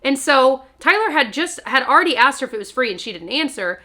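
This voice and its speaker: A young adult woman vlogger, chatting through an animated, emphatic story while doing her makeup at home. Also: high-pitched, fast talker.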